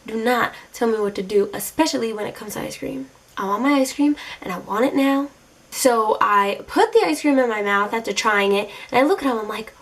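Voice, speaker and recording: A young woman in her twenties vlogging, telling dating stories to camera in an animated, exasperated, sassy way. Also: fairly high pitch, brisk. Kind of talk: casual storytelling to camera.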